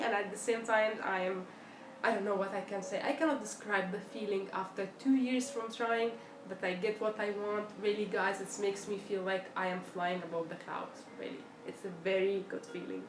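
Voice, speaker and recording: Chatty young woman on a live stream. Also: medium pitch. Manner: chatty, animated storytelling, acts out quoted dialogue. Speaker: live-stream host answering viewer questions. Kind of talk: casual live Q&A chat. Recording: echoey room, faint background noise.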